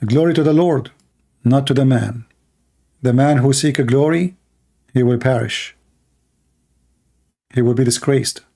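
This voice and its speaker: A man with a gravelly, dark voice hosts a livestream and preaches with fervent conviction. He speaks in short declarative bursts. His voice is worn and hoarse from hours of talking. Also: medium pitch, measured pace, long pauses. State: losing his voice. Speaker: livestream host. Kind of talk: impassioned preaching monologue.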